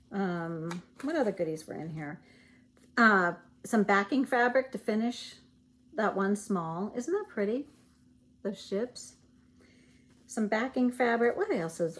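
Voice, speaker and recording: This cross-stitch vlogger from Virginia has a Southern US accent and a mid-range voice, with a little hiss or hum in the audio. She chats casually while showing off stitching goodies, rambling with fillers and correcting herself.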